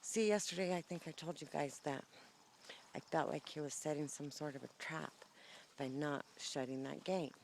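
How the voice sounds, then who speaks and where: Outdoors by the horses, a woman vlogs on her phone's built-in mic with no clip-on, telling a long, rambling story full of fillers in a slightly shaky voice. Her voice is low, gravelly, and a little mellow, at a moderate pace, with slight background noise.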